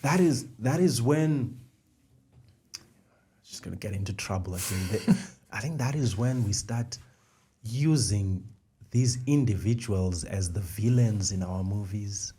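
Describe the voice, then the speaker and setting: Low-voiced man explaining point by point. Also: measured pace, dark tone. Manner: explains step by step, repeats key phrases. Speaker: podcast co-host. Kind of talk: conversational faith discussion.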